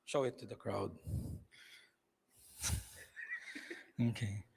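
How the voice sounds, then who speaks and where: A man's voice: fairly high pitch, expressive, unhurried. A man narrating a live church skit and coaching volunteers on stage, with a frequent "okay". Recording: echoey hall reverb.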